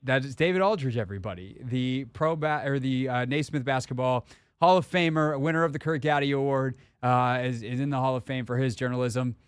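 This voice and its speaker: A man hosting a sports radio show, talking in a relaxed, jokey way into a studio microphone. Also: mid-range voice, a little fast, smooth, no room sound. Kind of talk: casual radio talk.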